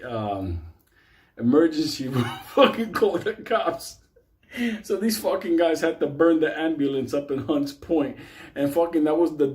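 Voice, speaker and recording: A man's voice: a little high, darkish tone. A man, casually telling a long story, swearing heavily and laughing as he goes. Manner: profane, laughing through the story. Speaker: host.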